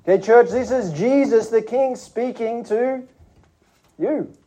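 High-voiced man preaching a sermon. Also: warm tone. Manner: earnest, measured teaching with repeated restarts.

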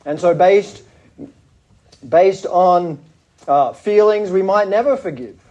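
A pastor with an Australian accent, delivering a sermon in a measured, deliberate way and stressing his points. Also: sits high, expressive, a little mellow, lo-fi sound.

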